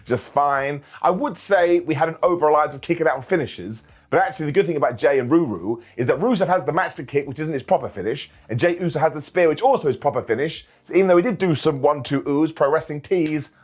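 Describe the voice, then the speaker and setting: A man's voice: on the high side, fast, hardly any pauses. A man hosting a wrestling review show, talking in a jokey, sarcastic way and laughing often. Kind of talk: comedic solo review monologue.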